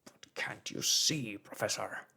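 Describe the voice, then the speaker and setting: A man voicing a gruff, angry Canadian harpooner in a soft whispered role-play. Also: very deep voice, huge pitch swings, a little slow, voice pushed down, heavily acted. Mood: indignant. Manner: raging, blunt.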